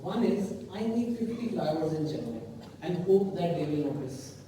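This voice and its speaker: A man gives a conference talk as an author, animated and emphatic, with conversational asides. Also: on the high side, normal speed, background noise. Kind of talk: conference speech. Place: conference hall. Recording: echoey hall, voice from far off.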